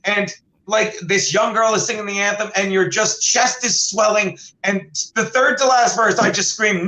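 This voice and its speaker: A man's voice: high-pitched, lively intonation, moderate pace, pushed and bright, reverberant, rough recording. A man telling rambling, profane comic stories as a guest, laughing at his own jokes. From New York. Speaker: guest comedian.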